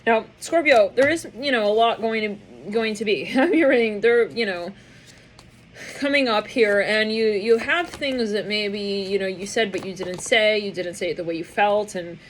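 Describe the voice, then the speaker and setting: A woman's voice: mid-range voice, moderate pace, slight background noise, low-quality recording. A woman doing a casual, rambling tarot reading with lots of filler words, often acting out the people she imagines. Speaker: tarot reader.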